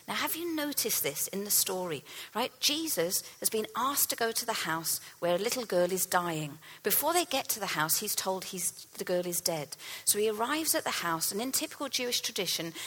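A woman preaching a sermon, retelling a Bible story with earnest storytelling and dropping to a soft hush for key lines. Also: medium pitch, slightly rough, low-quality recording.

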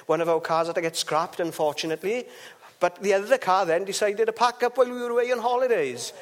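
A man's voice: sits high, fast talker. A man giving an informal devotional talk, chatty and rambling, with asides and restarts.

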